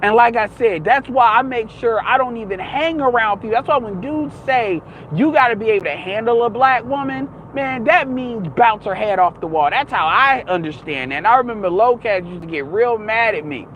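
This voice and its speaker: A man's voice: sits high, moderate pace, hardly any pauses, highs cut off, a little hiss or hum. A young man ranting in a casual, heated, rambling monologue, swearing often.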